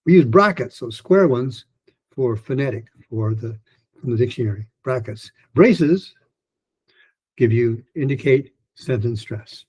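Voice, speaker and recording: A man teaching a pronunciation lesson in a loose, rambling way, with many restarts, fillers and slowly modeled phrases. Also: medium pitch, expressive, darkish tone, slightly rough, poor audio. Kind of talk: recorded lesson talk.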